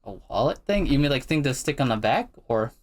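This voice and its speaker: A man hosting a casual chat, telling stories in a relaxed, rambling way. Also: mid-range voice, fairly quick. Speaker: host.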